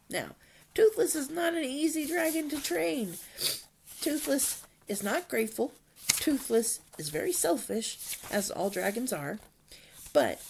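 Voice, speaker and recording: Expressive woman giving a book talk. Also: mid-range voice, vocal fry, a little hiss or hum. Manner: expressive, dramatic read-aloud with sudden whispers. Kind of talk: animated storytelling book talk.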